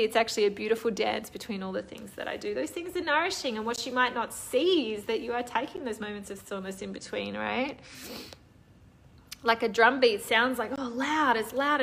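A woman's voice: on the high side, a little fast, creaky, fairly bright tone, slight background noise. A woman hosting a live online coaching session, talking enthusiastically and reading out viewer comments. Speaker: online course host. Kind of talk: live-stream coaching talk.

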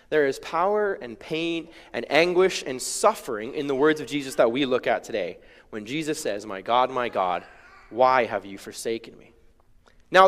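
Conversational pastor in a reverberant hall. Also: male voice, on the high side. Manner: conversational, uses rhetorical "right?". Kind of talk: sermon.

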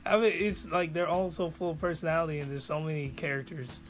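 A man's voice: a little high, steady tone, fast. A man giving a casual spoken review of an anime in a rambling, enthusiastic way.

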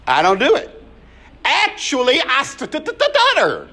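A man's voice: huge pitch swings, moderate pace, bright, forceful tone, heavily acted. A man voicing a reluctant, stuttering male prophet who pleads that he cannot speak in public. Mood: pleading. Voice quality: stammering, high-pitched.

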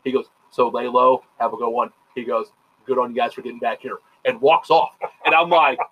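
A man hosting a casual podcast chat, telling stories quickly and profanely, with lots of quoted back-and-forth. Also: mid-range voice, fairly even intonation, lo-fi sound. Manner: rapid, profane storytelling full of quoted dialogue. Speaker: podcast host.

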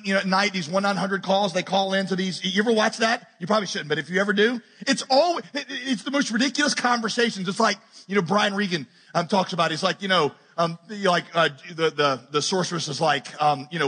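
A man preaching a sermon as pastor, joking and acting out Bible characters in quick asides. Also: high voice, pushed and bright, husky. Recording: preached in a large hall with long reverb.

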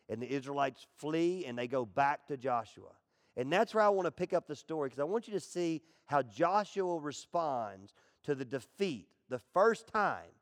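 A middle-aged male pastor preaching a dramatic sermon, swinging from loud, pleading outbursts to hushed asides and acting out whiny voices. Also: medium pitch. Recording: long hall reverb.

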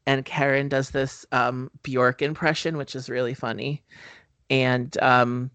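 A man's voice: medium pitch, flat delivery, a little slow, a bit bright, clean tone, no room sound. A man co-hosting a casual movie-review podcast, talking in a loose, rambling way with lots of "um" fillers. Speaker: podcast co-host.

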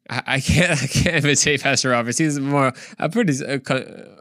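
A man's voice: medium pitch, dry recording. Casual young man preaching, dry sound. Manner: informal, slangy and animated, with quick asides. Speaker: podcast preacher. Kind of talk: casual devotional talk.

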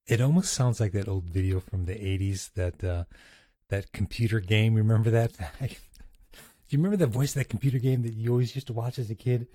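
Host type, man, husky voice, dry close sound, chatty and chuckly. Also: on the low side, a little fast, warm tone, dry recording. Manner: chuckles often, restarts sentences. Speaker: host reviewing recorded audio clips. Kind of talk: casual chatty commentary.

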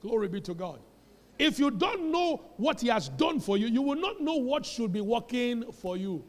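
A man's voice: very high voice, very animated, moderate pace, long reverb tail. A Nigerian man preaching a sermon as a pastor. He tells stories with Pidgin asides and builds to emphatic calls. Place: church.

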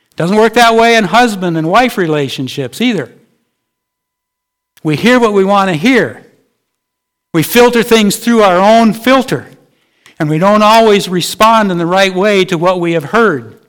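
A male pastor preaching a sermon in a conversational way, asking his listeners rhetorical questions. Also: sits high.

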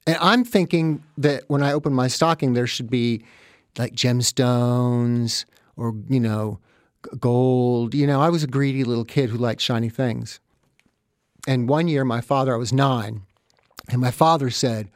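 A man's voice: medium pitch, unhurried, dry recording, clean studio sound. Wry man telling a comic story. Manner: wry, self-mocking, animated asides. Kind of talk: first-person comic storytelling.

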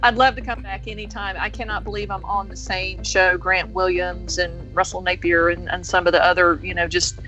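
A woman's voice: lowish voice, flat delivery, fairly quick, few pauses, sharp tone, highs cut off, faint music behind. A woman with an English accent, a podcast guest chatting playfully and laughing often. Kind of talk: casual chat.

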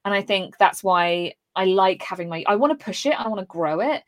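A woman's voice: medium pitch, lively intonation, a little fast. Young British woman, streamer guest, easy laughs, casual podcast chat. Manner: giggly, self-deprecating.

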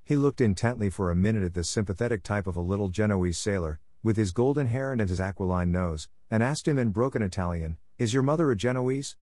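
Low-voiced male storybook narrator. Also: fast, few pauses, mellow, no echo, studio quality. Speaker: audiobook narrator.

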